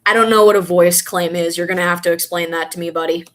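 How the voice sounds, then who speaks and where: A woman's voice: on the low side, steady tone, fast, a bit bright. A young woman vlogging in a casual, rambling way, stopping now and then to recall names. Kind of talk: casual chat reading and answering comments.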